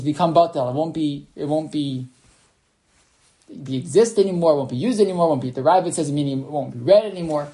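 Soft, mellow man teaching Torah online. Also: a little high. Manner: storytelling with many fillers and restarts. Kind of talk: online class lecture.

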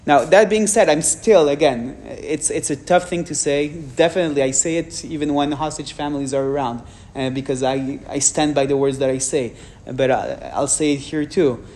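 A man with a French accent, giving a public talk and answering audience questions frankly, with measured pauses and restarts. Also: on the high side, a little mellow.

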